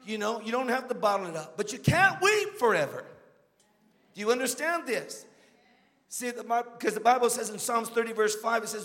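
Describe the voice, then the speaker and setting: A man's voice: high voice, very animated, normal speed, bright, forceful tone, long reverb tail. A man preaching a sermon as a guest speaker, emphatic and calling out to the congregation.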